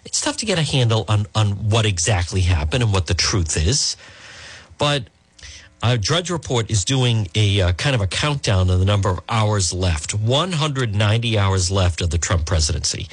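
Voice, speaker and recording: A man with a slightly husky voice hosts a talk radio show. He speaks in an emphatic, conversational way, with pitch that swings up and down and frequent fillers and restarts. The sound is dry and close, with no room around it. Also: expressive, normal speed, no room sound. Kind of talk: opinionated talk radio commentary.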